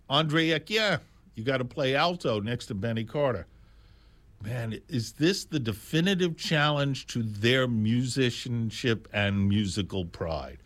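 An older man spins a casual jazz story, animated and full of exclamations. His pitch sits in an ordinary middle range, and he wanders into asides and restarts as he goes. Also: unhurried. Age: 60s or older.

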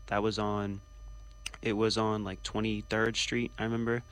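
Bright-voiced man chatting casually. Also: on the low side, flat delivery, moderate pace, smooth. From Washington Heights, New York. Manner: rambling, full of fillers. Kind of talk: casual podcast chat.

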